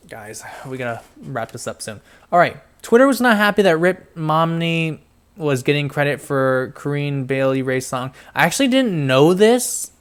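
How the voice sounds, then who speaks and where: A man's voice: medium pitch, a bit bright, smooth. A young man hosting a podcast, chatting casually about pop culture, rambling and getting sidetracked while he reads things out. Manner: rambling, easily sidetracked, mumbles while reading. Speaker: podcast host.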